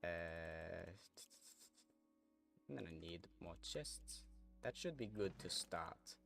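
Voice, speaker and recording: A young man with a very low voice talks through a gaming stream in a loose, rambling way. He chats with viewers as he plays, drifting between comments and what he is doing in the game. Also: animated, slow pace, gravelly, fairly bright tone, soft background music. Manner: rambling, chatty, reads chat aloud while playing. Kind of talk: casual gameplay stream chatter.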